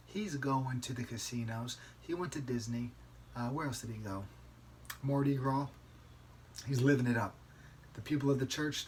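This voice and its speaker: A man hosting a solo podcast, telling a story in a conversational, emphatic way and often tagging a quick "right?" onto his sentences. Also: mid-range voice, slight background noise. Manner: conversational, keeps asking "right?"; emphatic, outraged. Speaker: podcast host.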